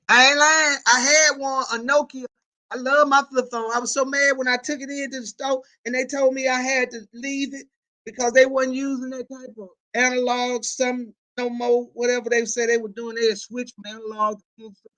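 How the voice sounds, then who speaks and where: A woman hosting a casual livestream, reading viewer comments and chatting in an animated, colloquial way with lots of repetition and laughter. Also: fairly high pitch, poor audio.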